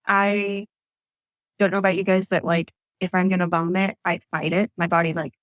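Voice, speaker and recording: A woman's voice: on the low side, flat delivery, moderate pace, no echo. A woman who works as a nurse, telling her story as a podcast guest in a chatty way with many fillers. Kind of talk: casual storytelling interview.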